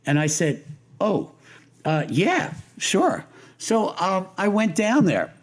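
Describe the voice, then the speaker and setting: This older man's voice is high-pitched and swoops widely up and down as he talks at a slow pace. As a guest in a casual interview, he rambles cheerfully through long stories, often restarting sentences.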